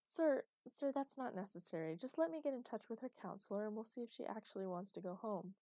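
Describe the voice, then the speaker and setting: A woman's voice: mid-range voice, expressive, fairly quick, dark tone, no echo, close to an everyday voice. A woman voicing a formal female receptionist who answers with stiff, scripted politeness. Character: polite but stonewalling female camp receptionist.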